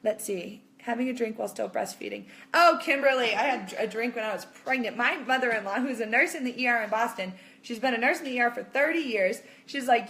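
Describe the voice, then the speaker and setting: A woman in her thirties with a fairly high pitch speaks briskly in a casual mom vlog to camera. She reassures her audience and performs quotes in animated voices.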